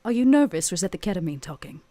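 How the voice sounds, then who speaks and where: A woman playing a blunt, teasing female vampire mentor in a tabletop role-play, speaking deadpan. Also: lowish voice, racing, no room sound.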